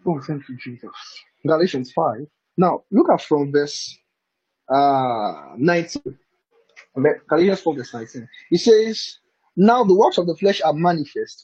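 A man's voice: fairly high pitch, lively intonation, moderate pace, a little mellow, breathy edge. A man preaching a bible teaching sermon in a conversational way, often asking "do you understand?" and chuckling between points. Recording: dull lo-fi recording.

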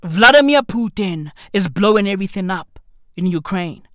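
A woman in a slangy, profane comedic rant who keeps asking rhetorical questions and swings from shouting to hushed muttering. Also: mid-range voice, animated, normal speed, no room sound, studio quality. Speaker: commentator.

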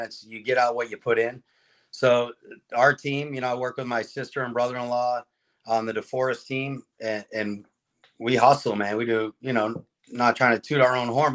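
A man's voice: medium pitch, fairly bright tone. A man who is a guest on the show, talking in an easygoing, casual way with lots of fillers. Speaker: guest, fighter and realtor. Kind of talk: casual interview chat.

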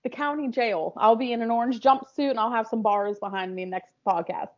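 A woman's voice: fairly high pitch, brisk, dull audio. A woman co-hosting a podcast in casual chat, talking freely and laughing often. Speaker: podcast co-host.

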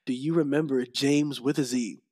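Man, podcast guest, casual chat, animated storytelling, laughs often. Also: mid-range voice, normal speed.

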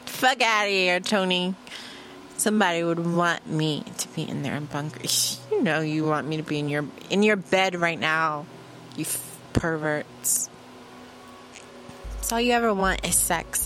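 A woman's voice: medium pitch, fairly bright tone. A woman in a casual, profane solo monologue from her room, brash and boastful, mixing playful trash talk with laughter.

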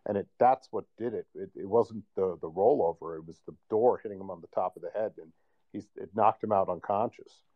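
Low-voiced man telling a rambling story. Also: fairly quick, phone-quality sound. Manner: rambling storyteller, many fillers. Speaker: guest sharing a personal story. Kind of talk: casual podcast conversation.

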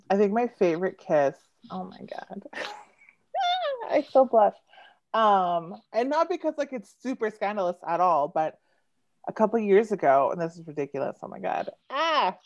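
A woman in her thirties, a poet guest, telling stories in a giggly, animated way with frequent laughter. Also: medium pitch, normal speed, no echo. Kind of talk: casual storytelling chat. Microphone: video call. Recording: dull lo-fi online call sound.

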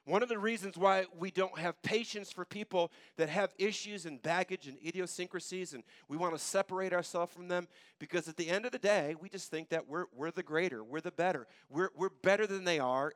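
Guy preaching, chatty retelling of scripture, goes loud then real quiet, kinda high voice, dry sound. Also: fairly quick, no echo. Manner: conversational, retells scripture in casual everyday speech; swings from loud and urgent to quiet and low. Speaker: pastor. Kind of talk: sermon.

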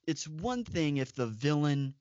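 A man's voice: a little high, very animated, a little slow, darkish tone, no room sound. Man, podcast co-host, opinionated, dry and dull lo-fi sound. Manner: opinionated, emphatic asides. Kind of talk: casual chat.

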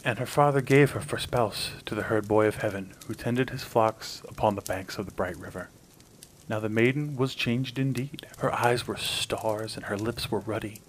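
A man with a low voice narrates an old folk tale aloud, gentle and unhurried. His delivery is calm and storybook-like, and as host he closes by thanking his listeners. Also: slight background noise, poor audio.

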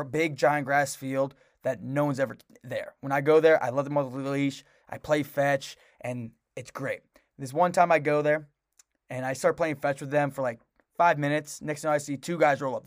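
A young man co-hosts a casual podcast, telling a long story that rambles and keeps restarting. His mid-range voice is recorded dry, with studio quality.

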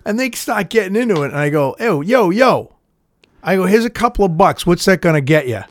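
Middle-aged man, casual profane chat, halting with fillers, dry close sound. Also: sits high, lively intonation, no echo. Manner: halting storytelling with many fillers and swearing.

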